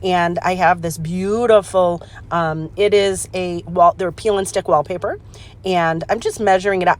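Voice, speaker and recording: A woman hosting a casual craft demonstration, chatty and excitable, laughing at her own mistakes and filling pauses with "um". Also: fairly low pitch. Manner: chatty, excitable, self-deprecating, lots of "um". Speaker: craft channel host.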